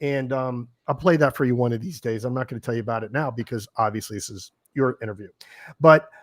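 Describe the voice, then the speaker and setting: A man hosting a paranormal interview show, chatting eagerly with his guest and talking in quick bursts with restarts. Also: medium pitch, dry recording, clean studio sound. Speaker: host. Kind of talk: casual interview chat.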